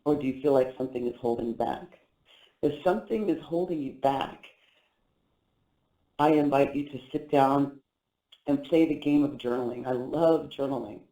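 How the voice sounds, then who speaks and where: A man's voice: medium pitch, mellow, reverberant, low-quality recording. A man hosting a motivational talk show as a life coach, speaking earnestly and repeating phrases to encourage listeners through a guided visualization. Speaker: life coach and podcast host.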